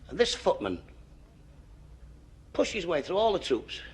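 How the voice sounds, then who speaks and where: A man with a Mancunian accent telling stand-up jokes, brisk and deadpan on the punchlines. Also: fairly high pitch, husky. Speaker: stand-up comedian. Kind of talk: stand-up comedy.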